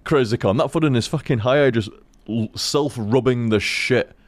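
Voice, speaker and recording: Here the young streamer talks at normal speed in a mid-range voice. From a room at home, he rambles loosely into a studio microphone on a desk stand, swears freely and addresses his cat.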